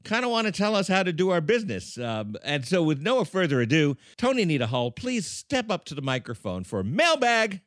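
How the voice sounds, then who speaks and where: A man's voice: high voice, big pitch swings, brisk, hardly any pauses, fairly bright tone, no room sound, studio quality. A man co-hosting a comedy podcast, chatting casually and playfully, stretching out running catchphrases. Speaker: podcast co-host.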